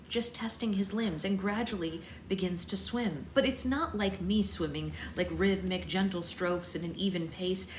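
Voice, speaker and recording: A young woman hosting a book club, reading a novel aloud live in a chatty way and pausing to soothe her baby. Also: mid-range voice, slight background noise. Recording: echoey room, faint ambience.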